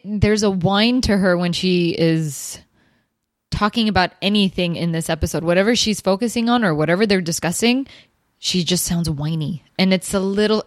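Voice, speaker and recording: Woman podcast co-host, relaxed and profane, dry close mic. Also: mid-range voice, no room sound. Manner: laid-back, swearing, many "yeah"s. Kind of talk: casual chat.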